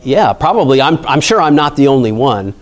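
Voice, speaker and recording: A man's voice: medium pitch, very animated, fairly quick. Park site manager, male, from Pennsylvania; conversational lecture, quizzes the crowd, mid-range voice. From Pennsylvania, USA. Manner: chatty, asks the audience questions, frequent asides. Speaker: national park site manager giving a public talk.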